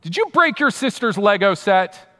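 A stern, interrogating parent grilling a guilty child, put on by a preacher, the voice raised and pointed. It rings with a long reverb, as though heard in a large hall. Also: male voice, high-pitched, sing-song, normal speed, bright, forceful tone, pitched above the performer's own voice, heavily acted. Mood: scolding.

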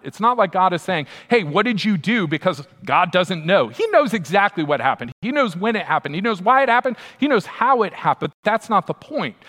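A man, a pastor, preaching a sermon in a conversational, emphatic way, often turning to the listeners with quick asides. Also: high-pitched, bright, forceful tone. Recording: long hall reverb.

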